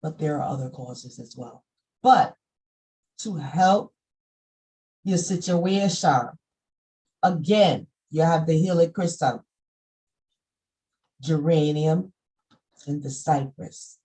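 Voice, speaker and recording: A middle-aged woman shares spiritual lore about essential oils in a casual monologue. Her voice is warm and mellow, and she takes her time. Her folksy chat breaks now and then into emphatic bursts. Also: sits low, takes it slowly, long pauses, rough recording. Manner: folksy and conversational, with sudden emphatic outbursts.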